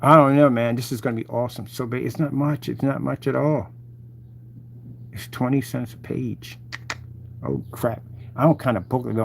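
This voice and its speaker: A man's voice: mid-range voice, steady tone, moderate pace, creaky, pauses often, husky. A man hosting his channel, mocking and taunting his rivals in a rambling live-stream rant.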